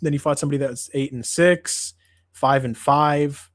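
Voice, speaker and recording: A man's voice: fairly high pitch, fairly even intonation, moderate pace, no room sound, studio quality. Profane, ranting man on a livestream. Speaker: MMA show host. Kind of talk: casual livestream commentary.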